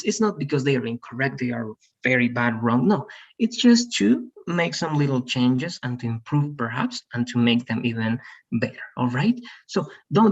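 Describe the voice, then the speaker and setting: A man teaching English pronunciation one-on-one, encouraging and correcting, repeating words slowly. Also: on the high side, husky. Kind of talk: online one-on-one lesson. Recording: dull lo-fi online call audio.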